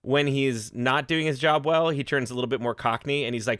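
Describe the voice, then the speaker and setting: A man's voice: mid-range voice, steady tone, a little fast, hardly any pauses, a bit bright, smooth, no room sound, clean studio sound. A man hosting a casual livestream podcast over a video call, chatty, with frequent laughs and restarts.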